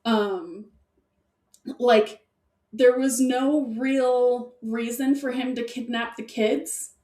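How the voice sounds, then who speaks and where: A woman chatting casually as a podcast co-host, rambling and excitable, laughing often and stacking fillers. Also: on the high side, very slow. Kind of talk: casual chat. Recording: echoey room, distant mic.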